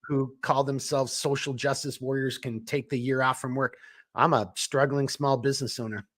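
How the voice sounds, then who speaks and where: A man's voice: mid-range voice, steady tone, normal speed, a bit bright. Blunt, ranting man from Minnesota. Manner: blunt, swears, worked-up ranting. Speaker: podcast co-host; small business owner. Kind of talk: casual political chat.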